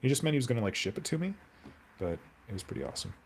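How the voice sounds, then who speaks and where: A man's voice: mid-range voice, big pitch swings, rapid-fire, darkish tone, slight background noise. Chatty man streaming his hobby. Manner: rambling, chatty, answers viewer comments aloud. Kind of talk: casual live-stream chat while sculpting.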